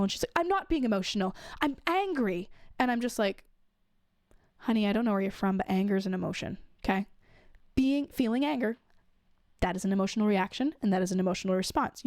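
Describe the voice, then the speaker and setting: A woman talking through her views on a show in a flat, dry delivery, worn down from a recent illness. Her voice sits at a mid pitch and is close and dry, with no room around it. She fills gaps with loose "um"s and "like"s. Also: no room sound. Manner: frequent fillers like "um" and "like". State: recovering from illness. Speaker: podcast host reviewing a TV show. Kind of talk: casual opinion monologue.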